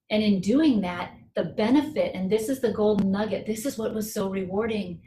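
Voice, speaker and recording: A middle-aged woman, a guest speaker on a coaching call, tells a personal story and gives advice. She speaks earnestly and reflectively, slowing down to stress key points. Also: mid-range voice, a little mellow. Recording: roomy echo.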